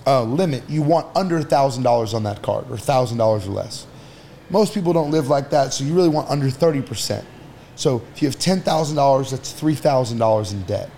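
A man's voice: medium pitch, warm tone, a little hiss or hum. A man on a podcast as an entrepreneur guest, talking casually and bluntly, with some swearing, while he gives advice. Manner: blunt, profane, advice-giving.

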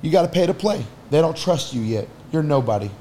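A man's voice: on the high side, lively intonation, a little fast, dark tone, a little hiss or hum. Blunt-talking man giving money advice. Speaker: entrepreneur guest. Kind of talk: casual podcast chat.

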